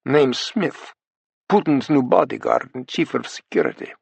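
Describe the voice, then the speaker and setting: A man voicing a calm, steady ally who explains things plainly. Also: medium pitch, normal speed, vocal fry, husky, dry recording, full character voice. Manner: plain, matter-of-fact.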